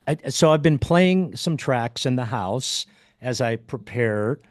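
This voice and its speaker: A man hosting an interview, eager and a bit halting, often repeating words. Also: mid-range voice, expressive, no room sound, clean studio sound. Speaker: podcast host. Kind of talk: casual interview chat.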